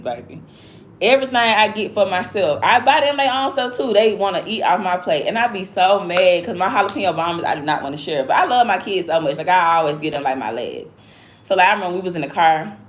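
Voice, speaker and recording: This livestream host, a woman from Alabama, USA, has a mid-range voice and a Southern accent, with slight background noise present. Her casual chat is blunt, slangy, and rambling, drifting between stories.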